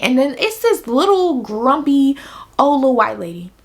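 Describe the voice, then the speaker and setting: A woman's voice: high-pitched, very animated, normal speed. A young woman telling a personal story to camera in an emphatic, venting way, repeating her points for stress. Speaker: vlogger. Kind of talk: casual storytime.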